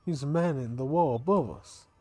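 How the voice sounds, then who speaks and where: A man's voice: mid-range voice, moderate pace, a little mellow, soft background music, natural voice. A man voicing a small, eager male guard in an attempted New York accent.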